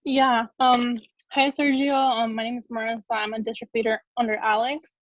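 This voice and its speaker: A woman's voice: on the high side, flat delivery, normal speed, lo-fi sound, a little hiss or hum. A woman asking a question on a call, hesitant and full of fillers.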